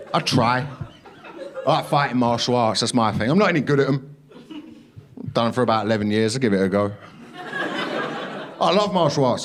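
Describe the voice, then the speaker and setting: A young man doing a stand-up comedy set, brash and sweary, putting on loud voices for the people in his stories. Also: mid-range voice, noisy background. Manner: brash, swearing, acts out others in raised voices. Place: comedy club stage.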